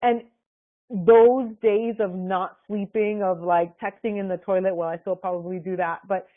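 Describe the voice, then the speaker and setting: A woman's voice: mid-range voice, steady tone, normal speed. A woman leading a team call, gushing and effusive, full of fillers. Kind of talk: conference call chat. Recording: tinny phone-like line.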